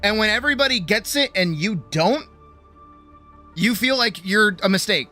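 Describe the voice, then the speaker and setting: A woman streamer talking loosely to her chat, swearing freely and rambling through a pep talk. Her voice is bright and lively, jumping up and down in pitch, with soft music underneath. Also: moderate pace. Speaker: streamer and artist. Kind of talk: casual livestream chat.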